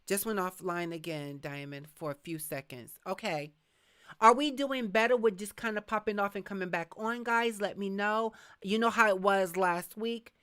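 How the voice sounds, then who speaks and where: A middle-aged woman hosting a live podcast, talking frankly and reading viewer comments, acting out quick asides as she tells stories. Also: medium pitch, smooth. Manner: frank, animated storytelling with voiced asides. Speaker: podcast host.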